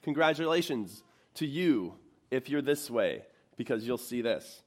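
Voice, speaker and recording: A man's voice: medium pitch, lively intonation, unhurried. A man, a pastor, preaching a sermon in a church in a conversational way and putting questions to the congregation.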